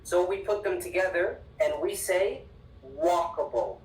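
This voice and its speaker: An English teacher giving an online class, upbeat and emphatic, repeating words slowly for the students. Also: medium pitch. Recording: echoey room, distant mic.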